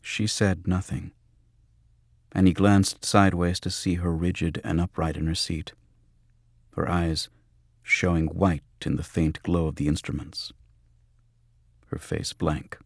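A man narrates a novel in a very low, husky voice. He reads at an unhurried pace, and the recording is close and dry. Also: little pitch movement, no room sound. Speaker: audiobook narrator. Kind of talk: scripted narration.

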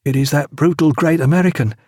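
A shrieking young naval officer. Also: male voice, a little high, fast talker, dark tone, breathy edge, no echo, studio quality, pitched above the performer's own voice. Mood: urgent whisper. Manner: shrieking, urgent.

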